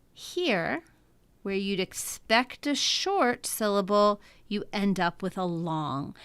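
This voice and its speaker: A woman teaching a lesson in a patient, explanatory way, often pausing to check in with her listeners. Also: mid-range voice, a bit bright, no echo. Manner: patient, explanatory, frequent "um" and "okay?" check-ins. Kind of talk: classroom lecture.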